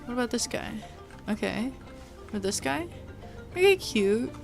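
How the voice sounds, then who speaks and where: This gaming streamer rambles casually to chat over a desk mic, sometimes with her mouth full, as faint music plays behind her. Her voice is on the higher side and gravelly, swinging widely in pitch at a measured pace.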